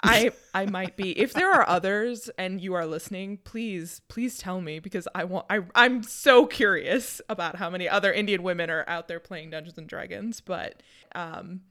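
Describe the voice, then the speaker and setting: A woman's voice: fairly low pitch, normal speed, bright, forceful tone. A woman co-hosting a podcast, chatting casually and laughing easily. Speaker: podcast co-host, tabletop player. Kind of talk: casual chat.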